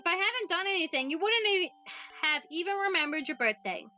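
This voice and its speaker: A woman's voice: very high-pitched, expressive, brisk, pushed and bright, soft background music, full character voice. A woman voicing a blunt, impatient young girl who teases her friend in a snappy, sarcastic way in a voiced visual novel. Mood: insistent.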